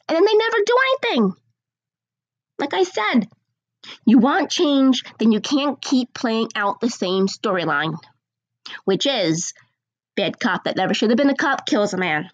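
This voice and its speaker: A woman giving a blunt, sarcastic opinion rant, slowing down to stress her points. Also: high voice, expressive, no echo, dull audio.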